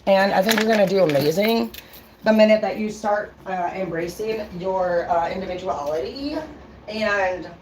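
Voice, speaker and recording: A woman's voice: mid-range voice, moderate pace, noisy background. A woman vlogging in a casual livestream rant, blunt and profane, talking straight to her viewers.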